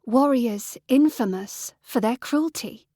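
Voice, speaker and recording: Woman voicing a flat, preachy young man. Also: fairly high pitch, slow pace, slightly rough, dry recording, clean studio sound, pitched above the performer's own voice. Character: hungover, gloomy young man.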